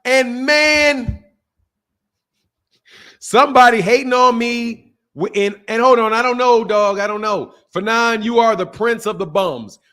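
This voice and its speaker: A man's voice: very high-pitched, measured pace, sharp tone. A man hosting a live-streamed boxing talk show, reading super chats and firing back at trolls, often repeating himself. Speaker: boxing channel host.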